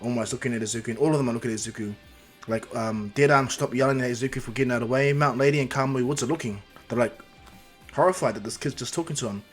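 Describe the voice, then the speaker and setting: A man's voice: mid-range voice, racing, faint music behind. A man casually narrating a fan-made superhero story, rambling with fillers and restarts.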